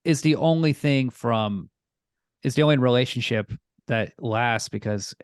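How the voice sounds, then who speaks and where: Male co-host, mid pitch, dry close mic, rambling recap. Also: a little slow, clean tone, dry recording. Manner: rambling plot recap with fillers. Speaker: podcast co-host. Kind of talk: casual chat.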